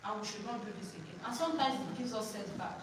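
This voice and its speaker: A woman's voice: medium pitch, animated, fast talker. A woman running a teacher training workshop, drilling the room call-and-response style and prompting listeners to finish her sentences. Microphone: far from the microphone. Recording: echoey hall, distant mic, noisy.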